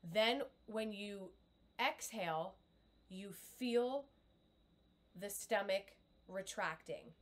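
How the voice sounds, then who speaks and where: A woman's voice: mid-range voice, extremely slow, pauses often, fairly bright tone. A middle-aged woman and communication coach, giving an upbeat, encouraging live video lesson with demonstrations.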